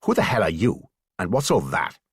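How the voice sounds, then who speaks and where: A man voicing a huge, aggressive German man in a dark uniform who swears and bullies. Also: sits low, wildly swooping pitch, normal speed, breathy edge, no room sound, clean studio sound, exaggerated voice. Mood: hostile.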